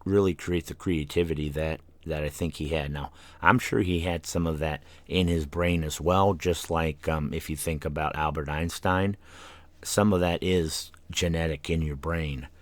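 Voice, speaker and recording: A man's voice: a bass voice, fairly even intonation, moderate pace, no echo. A man hosting an internet radio show, rambling tiredly from one tangent to the next with many fillers and yawns. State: tired, yawning. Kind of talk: casual rambling monologue. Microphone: studio microphone.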